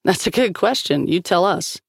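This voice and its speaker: A woman's voice: on the low side, expressive, moderate pace, creaky, husky, no echo, clean studio sound, exaggerated voice. A woman narrator voicing a hard-edged, scornful woman agent who talks bluntly and curtly. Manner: blunt, curt.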